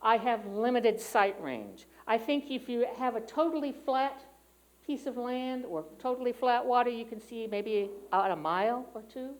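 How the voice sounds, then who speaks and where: In a church sanctuary, a middle-aged woman gives a candid, personal sermon in a conversational style, full of fillers and restarts. Her voice is on the high side at a moderate pace, and the recording is low quality.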